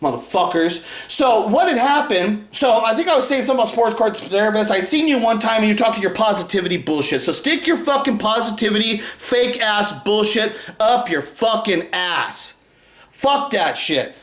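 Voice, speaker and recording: A man delivering an angry, profane rant to his critics, swearing constantly and bursting into shouts. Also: high-pitched, expressive, moderate pace, echoey room. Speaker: commentary video creator.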